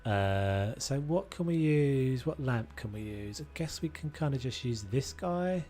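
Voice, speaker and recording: A man's voice: medium pitch, animated, measured pace, mellow, slight background noise. A young man streaming a renovation game, casually thinking aloud and muttering to himself as he builds, with self-deprecating asides. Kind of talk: casual live-stream commentary.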